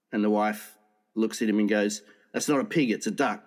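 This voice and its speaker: A man's voice: medium pitch, animated, a little fast. A man co-hosting a casual comedy podcast. He rambles through jokes and laughs at his own punchlines. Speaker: podcast co-host.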